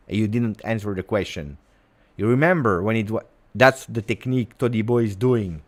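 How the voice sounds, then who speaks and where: A man's voice: on the low side, moderate pace. Theatrical man hosting a football news stream. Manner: theatrical, repeats words, swings from quiet to loud. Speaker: football fan channel host. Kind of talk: livestream transfer-news commentary.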